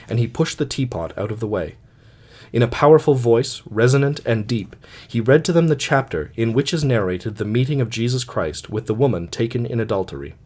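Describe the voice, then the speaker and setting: A man narrating a classic short story in a measured, dramatic way. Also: mid-range voice, a little mellow. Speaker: audiobook reader.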